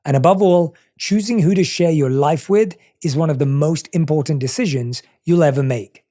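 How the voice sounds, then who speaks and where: A man hosting a podcast, chatting with a guest and reading a calm scripted recap. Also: a little high, normal speed. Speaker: podcast host. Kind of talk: casual chat and scripted recap narration.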